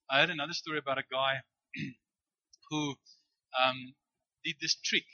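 A man's voice: mid-range voice, steady tone, unhurried, long pauses, pushed and bright, dry recording. A man preaching a sermon in a conversational, storytelling way, often checking with "right?". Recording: dull, dry lo-fi recording.

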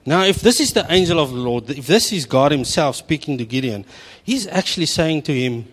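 A middle-aged South African man preaching a sermon, telling stories with an animated, humorous delivery. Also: on the high side, brisk, hardly any pauses, husky, big-room sound.

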